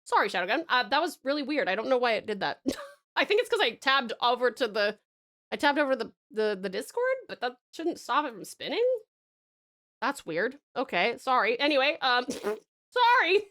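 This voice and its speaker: Streaming live, a Tasmanian woman with an Australian accent chats casually at a normal pace in a fairly high, sing-song, fairly bright voice. She's bubbly and giggly, calling her chat all sorts of pet names.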